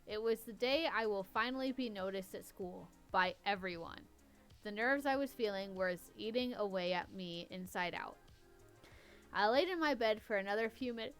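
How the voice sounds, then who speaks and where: A woman's voice: medium pitch, fairly bright tone, clear, resonant tone. A woman podcast host reading a story aloud in a casual way, stopping to poke fun at the writing. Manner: wry, stops to mock the writing. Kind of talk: casual reading with running commentary.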